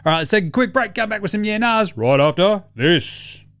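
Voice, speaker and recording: Animated, profane Australian man. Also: high-pitched, fairly quick, heavy background noise. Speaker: podcast host. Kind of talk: casual sports chat.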